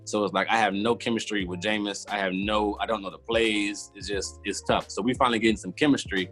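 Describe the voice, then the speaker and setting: A man's voice: fairly low pitch, steady tone, a little fast, fairly bright tone, faint music behind. A man, casually telling a long story as a podcast guest and acting out his own past reactions. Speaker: former football player, guest.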